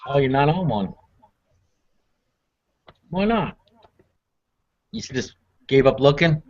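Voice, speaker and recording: A man's voice: a little high, expressive, takes it slowly. Brief: easygoing man in group chat, mid voice, muffled call audio. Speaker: participant in an online chat. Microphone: video call.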